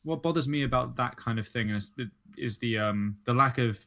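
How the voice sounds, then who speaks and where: A man's voice: mid-range voice, normal speed, bright, forceful tone. A man in his late twenties co-hosting a podcast, talking in a laid-back, wry way and often saying "like" and "you know". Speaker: podcast co-host. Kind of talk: casual chat.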